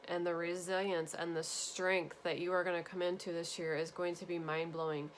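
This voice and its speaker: Woman, tarot reader, earnest and reassuring, lower voice, light background hiss. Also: flat delivery, moderate pace, few pauses. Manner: gentle, earnest, repetitive reassurance. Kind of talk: spiritual tarot reading to viewers.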